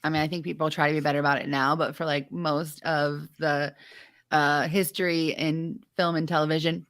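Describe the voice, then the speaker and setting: A woman co-hosting a casual podcast chat, telling stories in an animated, excitable way. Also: sits low, normal speed. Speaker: podcast co-host.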